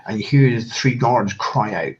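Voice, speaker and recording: A man's voice: on the low side, lively intonation, moderate pace, muffled recording. A man running a tabletop game as game master, narrating hesitantly with many fillers and restarts.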